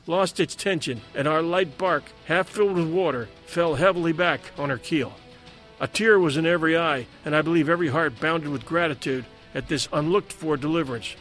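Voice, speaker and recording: A man reading a dramatic sea adventure aloud as a narrator, in a measured way. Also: a little high, fairly bright tone. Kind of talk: scripted story narration.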